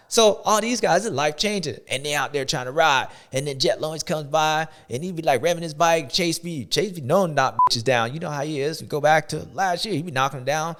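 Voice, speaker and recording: High-voiced playful man hosting. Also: a little fast, a bit bright. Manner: playful, slangy, rambling. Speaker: show host. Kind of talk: casual sports commentary.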